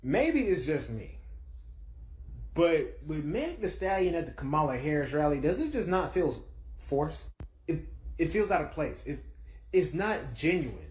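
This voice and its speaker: A man with a somewhat high, animated voice vents in a casual commentary clip. He keeps asking rhetorical questions. The sound is echoey, as if recorded in a bare room. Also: unhurried.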